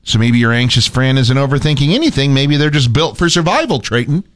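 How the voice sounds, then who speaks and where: A man's voice: medium pitch, lively intonation, fairly quick, no room sound. A man hosting a morning radio show, chatting casually and making dry, self-deprecating jokes.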